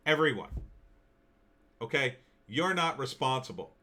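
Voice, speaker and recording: A man delivering a ranting opinion commentary, exasperated and sarcastic, breaking into loud bursts. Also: mid-range voice, lively intonation, normal speed. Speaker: commentary vlogger.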